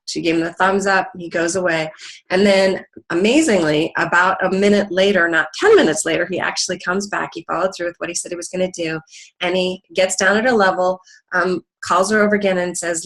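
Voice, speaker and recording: A middle-aged woman who teaches parenting shares an anecdote to make her point, speaking earnestly with frequent ums and restarts. Her voice is fairly low and a bit bright, at a normal speed, on a low-quality recording.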